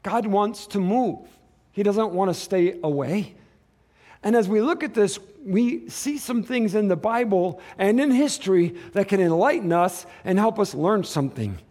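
Pastor, male, fairly high voice, casual animated sermon delivery with acted-out asides. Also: a little slow.

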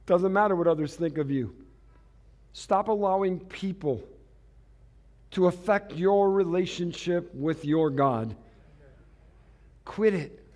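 A man preaching a sermon to his church, swinging from hushed, intimate lines to loud, dramatic shouts and often laughing as he talks. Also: high-pitched, takes it slowly, pauses often. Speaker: pastor.

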